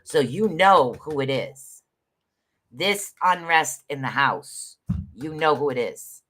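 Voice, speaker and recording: A man's voice: fairly high pitch, expressive, slow pace, a bit bright. A man hosting a casual livestream rune reading. He talks in a chatty, rambling way, repeats words, and calls his listeners honey. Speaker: podcast host giving live rune readings.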